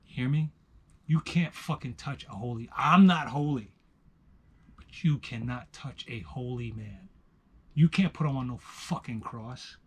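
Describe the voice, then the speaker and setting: A man with a New York accent and a husky, medium-pitched voice tells stories in casual chat at a slightly slow pace. He is profane and emphatic, swinging from loud bursts to hushed asides.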